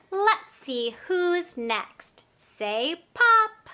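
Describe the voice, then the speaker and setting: A young adult woman teaching toddlers through play, talking in a slow, exaggerated, encouraging sing-song. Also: very high voice, very animated, sharp tone, a little hiss or hum. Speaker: early-childhood teacher.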